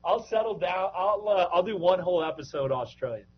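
A man's voice: high-pitched, expressive, brisk, breathy edge, highs cut off. A man co-hosting a casual podcast, telling rambling, joking stories about players he has worked with. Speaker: podcast co-host, minor league broadcaster.

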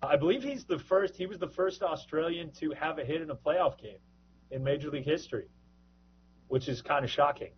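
Podcast host, male, chatty and joking, a bit higher voice, muffled audio with faint hiss. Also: lively intonation, brisk. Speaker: minor league baseball broadcaster, podcast host. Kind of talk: casual podcast chat.

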